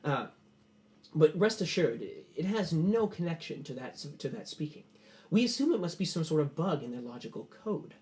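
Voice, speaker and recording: A man playing a smooth, ambitious nobleman who speaks formally and hesitates often. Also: a little high, very animated, normal speed, darkish tone. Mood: scheming.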